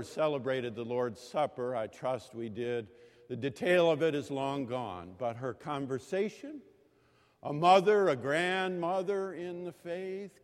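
A man preaching in a large chapel, his fairly high voice carried by long, lingering reverb. He tells his stories with measured pauses and firm emphasis. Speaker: pastor. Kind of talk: sermon.

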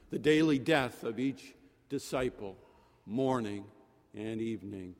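Slow preacher in a reverberant chapel. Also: male voice, mid-range voice, a little mellow. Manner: slow, deliberate, repeating phrases for effect. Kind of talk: sermon. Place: chapel during worship service. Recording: long reverb of a large chapel.

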